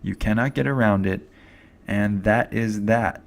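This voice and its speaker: A man's voice: lowish voice, a little slow, vocal fry. A man giving a chatty, rambling movie review to camera, full of fillers and asides. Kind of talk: casual film review to camera.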